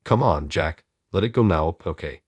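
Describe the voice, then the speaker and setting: A man voicing a calm older woman who runs a bar, speaking in a pleading tone. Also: deep voice, moderate pace, breathy edge, no room sound.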